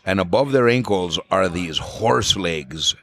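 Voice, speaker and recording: A man's voice: low-pitched, measured pace. A middle-aged man from New Mexico, a flamenco singer chatting as a podcast guest, telling things with vivid images and dropping in Spanish words. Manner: relaxed storyteller, vivid imagery, slips into Spanish. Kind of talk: casual interview chat.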